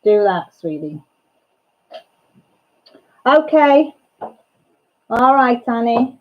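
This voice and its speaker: With a slightly high voice, a somewhat slow pace and long pauses, a woman hosts a casual livestream chat. The mother greets viewers by name and talks with family off-camera, recorded in dull lo-fi audio.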